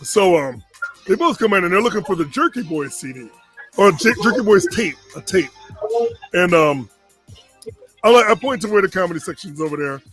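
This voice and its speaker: A man's voice: high-pitched, normal speed, pauses often, soft background music. A man in his forties from Connecticut telling a long story casually, acting out the other people's lines. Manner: animated, acts out quoted voices.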